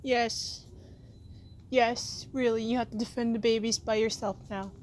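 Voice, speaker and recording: A woman with a slightly high voice rambles slowly through a casual vlog. She speaks softly and drifts from thought to thought, addressing her pets now and then, with faint animal sounds in the background. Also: level tone, slight background noise. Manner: soft-spoken, wandering, talks to her pets. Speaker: channel host.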